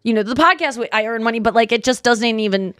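A woman in her thirties co-hosting a podcast, telling rambling stories in a lively, animated way with frequent restarts. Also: fairly high pitch, fast, no room sound, studio quality. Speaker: podcast co-host. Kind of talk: casual chat.

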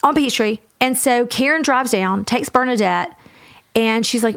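A woman co-hosting a podcast, telling a story in a lively casual way and acting out what everyone said. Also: fairly high pitch, dry recording, clean studio sound. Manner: animated, fast, acts out everyone's lines. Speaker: podcast co-host.

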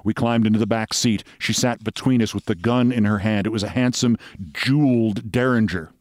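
A man reading a short story aloud as host, with measured, wry storytelling. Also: fairly low pitch, fairly even intonation, darkish tone, no echo, studio quality.

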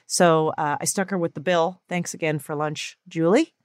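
Woman podcast host, thirties, casual animated storytelling, close dry studio sound. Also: low-pitched, moderate pace, dry recording. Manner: animated, candid storytelling with swearing. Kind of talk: casual monologue.

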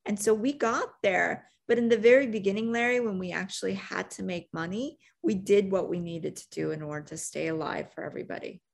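A middle-aged woman, an agency CEO, telling stories in an interview, animated and full of fillers, acting out quoted lines. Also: medium pitch, brisk, vocal fry, hardly any pauses. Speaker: agency CEO, podcast guest. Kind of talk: conversational interview storytelling.

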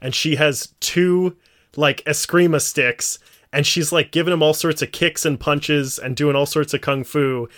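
Co-hosting a relaxed podcast conversation, this man talks in a fairly high voice without any hurry. He spins out long retellings of scenes, performing each quoted line with lively, animated flair.

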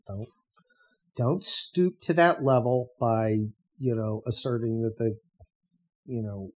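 A man's voice: mid-range voice, darkish tone, breathy edge. A man hosting a podcast, talking casually in a sarcastic, profane rant. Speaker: podcast host. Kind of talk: casual monologue.

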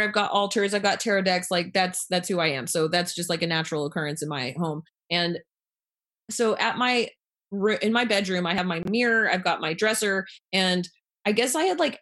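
A woman telling a personal story in a casual, animated way, acting out what people said with lots of "like" fillers. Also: medium pitch. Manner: animated, acts out quoted lines, many fillers.

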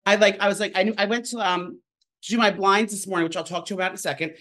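A man's voice: sits high, fairly even intonation, bright, forceful tone. A man co-hosting a podcast, rambling through stories in casual chat from his kitchen. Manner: rambling storyteller, fast and chatty. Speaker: podcast co-host. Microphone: home microphone.

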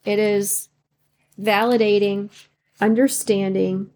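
A woman's voice: mid-range voice, level tone, slow, darkish tone, slight background noise. A woman hosting a podcast, giving supportive self-help advice with many encouraging rhetorical questions. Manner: fillers and restarts, emotional at times. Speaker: podcast host.

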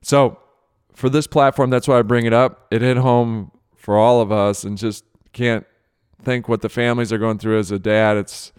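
A man's voice: mid-range voice, fairly even intonation, normal speed, smooth, no echo, studio quality. Man speaking with emotion in his voice. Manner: earnest, emotional, repeats phrases. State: voice thick with emotion. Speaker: host; father. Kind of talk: emotional spoken commentary. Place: Austin, Texas.

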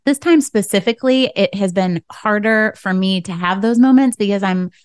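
A woman's voice: mid-range voice, smooth, no room sound. Reflective woman co-host, dry studio sound. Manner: reflective, teasing, quick asides. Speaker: podcast co-host. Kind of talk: casual chat.

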